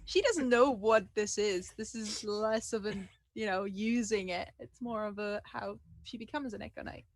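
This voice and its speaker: A woman's voice: mid-range voice, normal speed, no room sound. A woman player in a tabletop game, casually explaining her character's backstory.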